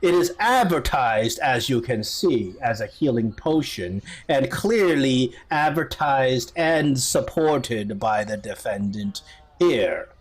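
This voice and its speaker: A man voicing a formal human judge who sums up a court case slowly and deliberately. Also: mid-range voice, lively intonation, breathy edge, pitched below the performer's own voice. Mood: solemn. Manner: slow and deliberate.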